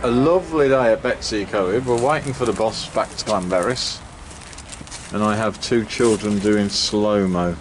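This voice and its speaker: A man's voice: lowish voice, normal speed, background noise. A man narrating a family campervan trip in a casual, practical way, joking lightly with his children. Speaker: family travel vlogger.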